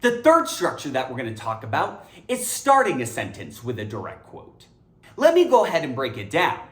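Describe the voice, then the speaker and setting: In an echoey room, a woman with a bass voice and wildly swooping pitch teaches English grammar at a moderate pace. Her educational explainer is upbeat and emphatic in a teacherly way.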